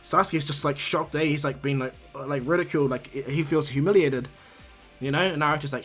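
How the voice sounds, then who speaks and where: A young New man tells a fan story in a loose, rambling way, full of "um"s and asides. His voice sits a bit high for a man. Faint music runs under his talk. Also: brisk. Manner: rambling, filler-heavy, animated. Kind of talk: casual fan-story retelling.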